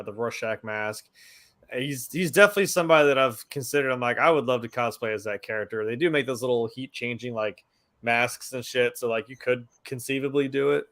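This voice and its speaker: A man's voice: mid-range voice, moderate pace, a bit bright. Enthusiastic, casually swearing man. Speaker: podcast co-host. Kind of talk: casual chat.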